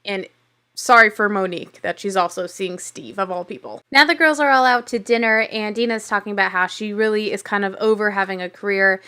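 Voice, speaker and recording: A woman's voice: mid-range voice, brisk, bright, forceful tone, smooth. A young adult woman hosting a podcast, recapping a reality show in a chatty, candid way and laughing often. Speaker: podcast host. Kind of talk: casual TV recap.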